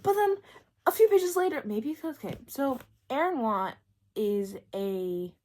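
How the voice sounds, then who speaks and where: A woman giving a casual book talk as a vlogger, ranting in an animated, exasperated way with lots of fillers and bursts of laughter. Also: sits high, unhurried. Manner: breaks into laughter.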